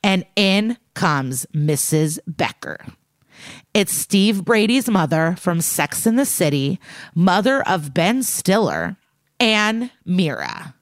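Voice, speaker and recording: A woman co-hosting a podcast, talking through a TV episode in a loose, rambling way with playful asides. Her voice sits fairly low, and the recording is close and dry with no room sound. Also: big pitch swings, slow, dry recording. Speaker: podcast co-host. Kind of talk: casual chat recapping a TV episode.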